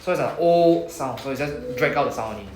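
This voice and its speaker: A man's voice: mid-range voice, lively intonation, brisk, a little mellow, reverberant, a little hiss or hum. A man with a Singaporean English accent teaching a Japanese class in a chatty, casual way, drawing out sounds as he models words.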